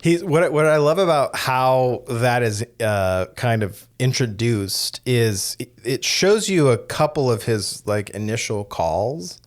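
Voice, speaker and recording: A man's voice: mid-range voice, slow pace, hardly any pauses. A man co-hosting a podcast, talking through a film in a loose, rambling way with many restarts. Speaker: podcast co-host. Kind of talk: casual film discussion.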